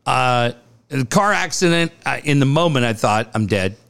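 A man's voice: medium pitch, moderate pace, gravelly, clear, resonant tone. A man co-hosting a casual podcast, telling stories with lots of laughter and swearing. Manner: animated storytelling, laughs often, swears freely. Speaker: co-host.

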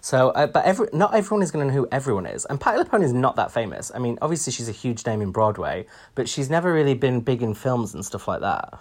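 A man co-hosting a podcast, talking in an expressive, self-mocking way. His pitch moves all over the place as he chats casually. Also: fast, few pauses. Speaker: podcast co-host. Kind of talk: casual chat.

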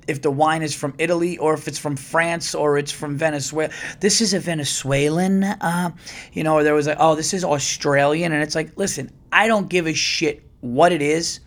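Profane, rambling podcast host man. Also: fairly high pitch. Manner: profane, rambling, animated retelling with quoted voices. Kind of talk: casual storytelling monologue.

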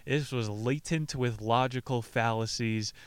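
A brash young man hosting a comedic recap, riffing with crude jokes. His voice is smooth and clear at an ordinary pitch. The recording is dry and close to the mic. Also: a little slow, no echo. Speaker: podcast host.

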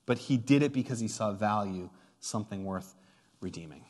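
A man's voice: fairly low pitch, moderate pace, a little mellow. A man preaching a sermon as pastor, retelling a story with playful asides and emphatic build-ups. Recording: long hall reverb.

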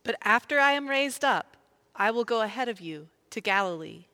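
Bright-voiced woman reading scripture. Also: on the high side, animated, moderate pace. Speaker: scripture reader. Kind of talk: liturgical group reading.

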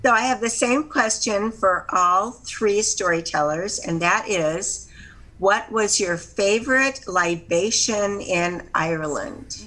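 A woman on an audience panel asking the storytellers a question, in a deliberate way. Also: medium pitch, sharp tone, rough recording.

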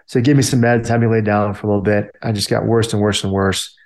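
A male army veteran tells a story casually and fast, his lowish voice keeping a level tone. His talk is loose and packed with fillers like "like" and "you know."

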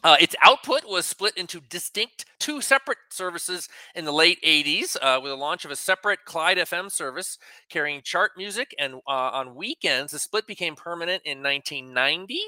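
A male radio co-host with a rather bright, slightly high voice, recorded close and dry. He reads facts from his notes in a chatty tone and breaks in with quick asides. The sound is plain studio talk. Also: lively intonation, no room sound. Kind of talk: casual radio talk, reading news items.

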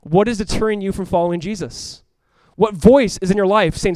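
A male pastor delivers a sermon at a rapid clip, his fairly high voice rising into urgent calls and dropping to near hushes. The recording is dry and close. He ends by leading the room in prayer. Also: no echo. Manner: impassioned, swings between loud urgent calls and hushed quiet passages. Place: church room with congregation.

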